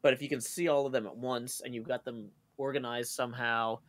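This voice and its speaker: A man's voice: medium pitch, fairly even intonation, a little fast, fairly bright tone, dry recording. A man co-hosting a live stream, chatting in a rambling way full of fillers. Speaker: stream co-host. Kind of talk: casual chat on a live stream.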